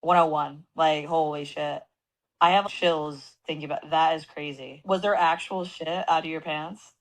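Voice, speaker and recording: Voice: medium pitch, fairly even intonation, normal speed, poor audio. A podcast host reacts bluntly, swears, and asks the guest follow-up questions in a casual chat.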